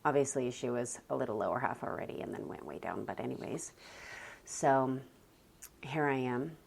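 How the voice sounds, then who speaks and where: Woman, homeschool mom vlogging, very deep voice, calm and soft-spoken, sighs between thoughts. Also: normal speed, vocal fry, breathy edge. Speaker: homeschooling mother and parenting vlogger. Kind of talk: casual reflective talk to camera.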